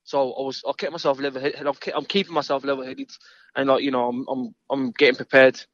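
A man's voice: medium pitch, steady tone, fast talker, fairly bright tone, dry recording, dull audio. A man, a guest in an interview, talking in an easygoing, rambling way and repeating his words. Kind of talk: casual interview chat.

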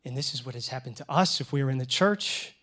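A man preaching as a youth pastor, telling stories earnestly and emotionally, with sudden loud rises. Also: mid-range voice, fast. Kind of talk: preaching a sermon.

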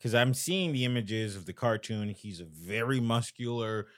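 Male co-host, lowish voice, skeptical and questioning, lively intonation. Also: moderate pace. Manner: puzzled, questioning. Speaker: podcast co-host. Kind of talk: casual chat.

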